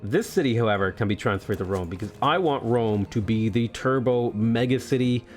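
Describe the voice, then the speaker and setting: A man's voice: mid-range voice, normal speed. A man hosting a casual let's play, rambling and joking with lots of fillers, with faint game music behind. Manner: playful, jokey, rambling with many fillers. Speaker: gaming video host.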